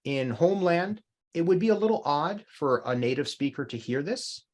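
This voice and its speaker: A man teaching an online language class, explaining at length with lively rises in pitch on his examples. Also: moderate pace. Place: home, speaking into a small microphone.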